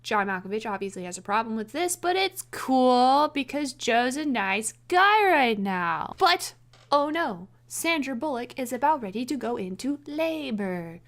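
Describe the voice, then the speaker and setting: A woman rambling casually about how she would rewrite a film, sarcastic, with quick restarts. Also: on the high side, sing-song, fairly bright tone. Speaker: video essayist.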